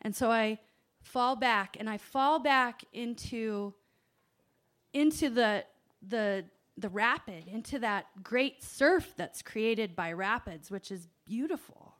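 A woman telling a personal story to an audience, animated, swinging from hushed asides to loud exclamations. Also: a little high, slow. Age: adult parent.

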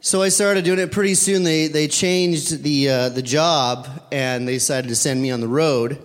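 Man, slightly high voice, rambling storyteller, fillers and restarts, long hall reverb. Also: moderate pace. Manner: rambling, with fillers and self-corrections. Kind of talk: personal story told to an audience.

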